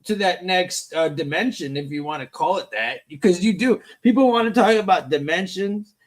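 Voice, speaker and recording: Man, high voice, live stream host, emphatic and profane, reads the chat aloud. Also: moderate pace, no room sound.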